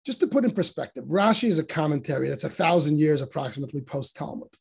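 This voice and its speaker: A man's voice: a little high, expressive, quick pace, gravelly, a little mellow, slightly rough. A man teaching a text study class on religious commentary, explaining with emphatic rhetorical questions and rising voice on quotations. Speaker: Torah teacher.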